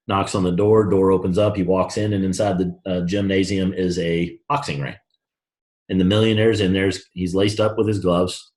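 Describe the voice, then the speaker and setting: A motivational speaker tells a story in a blunt, brash style. His delivery is punchy and swinging, dropping low and then rising to shouts.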